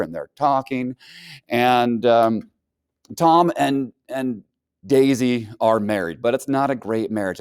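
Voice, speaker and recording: A man teaching a casual book review lesson, animated and acting out characters' lines. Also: medium pitch, no echo, studio quality.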